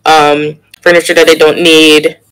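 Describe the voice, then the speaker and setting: A young man in casual podcast chat, telling an animated story with laughter and sudden jumps in pitch. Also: unhurried, smooth, low-quality recording. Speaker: podcast co-host.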